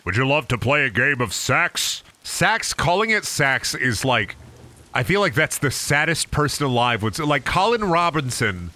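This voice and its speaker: A man's voice: medium pitch, sing-song, moderate pace. A young man streaming a video game, ranting and joking with lots of swearing. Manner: profane, jokey rants, swings into loud silly bits. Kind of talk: casual gameplay commentary.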